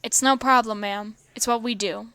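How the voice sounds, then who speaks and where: A woman's voice: a little high, steady tone, moderate pace, pushed and bright, smooth, dry recording. A woman voicing a polite teenage male mutant turtle ninja in a read-aloud fan story.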